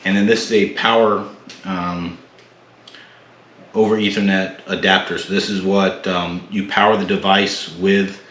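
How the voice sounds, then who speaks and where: Male tech host, deep voice, casual unboxing, echoey room with faint hiss. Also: a little slow. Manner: relaxed, many fillers and restarts. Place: home room.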